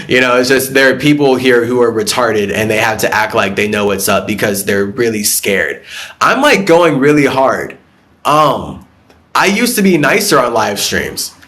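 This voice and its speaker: A man with a voice of ordinary, middle pitch holds forth on a spiritual live stream. He is blunt and profane, rambling from one idea to the next, answering viewer comments and often breaking into laughs. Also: lively intonation, measured pace, a bit bright.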